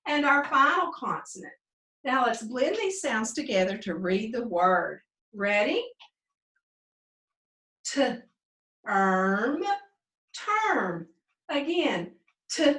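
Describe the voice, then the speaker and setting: A woman teacher walks young children through a phonics lesson, drawing out each sound and lifting her voice brightly on the answers. Her voice is high and very lively. She sits a little away from the mic in a roomy, echoing space. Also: far from the mic. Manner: slow, drawn-out sounding out of words; sing-song, encouraging teacher talk. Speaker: second grade teacher.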